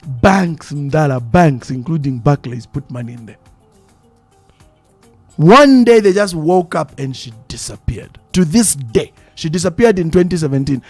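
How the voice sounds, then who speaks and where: A Zambian man hosts a live radio talk show in a dry studio, faint music behind him. His voice sits a little high, and he tells stories in an animated way, hammering phrases home by repeating them. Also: unhurried, dry recording. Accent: Zambian English. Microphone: studio microphone.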